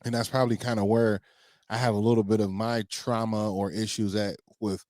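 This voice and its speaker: A man's voice: lowish voice, flat delivery, fairly quick, a little mellow, no room sound, clean studio sound. A man co-hosting a stay-at-home dad podcast, laughing often and talking in an encouraging, reflective way. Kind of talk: casual chat.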